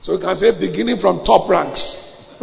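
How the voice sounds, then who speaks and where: A man preaching a sermon, emphatic, repeating his phrases and building up to shouts. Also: high-pitched, creaky. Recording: reverberant hall, dull lo-fi sound.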